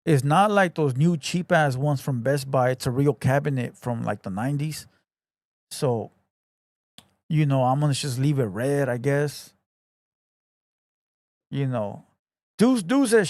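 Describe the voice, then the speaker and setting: A man's voice: medium pitch, lively intonation, a little slow, pauses often, darkish tone, no echo, studio quality. A male podcast host, chatting casually to a livestream audience in blunt, profane, laid-back street slang. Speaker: podcast host reading viewer comments.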